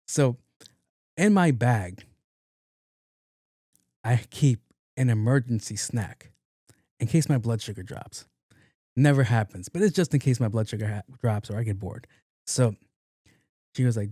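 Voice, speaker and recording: A man's voice: medium pitch, expressive, unhurried, long pauses, warm tone, no echo, studio quality. A man in his late thirties, a podcast host, telling a comedic story alone, acting out both sides of the conversation, laughing and swearing casually. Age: 30s.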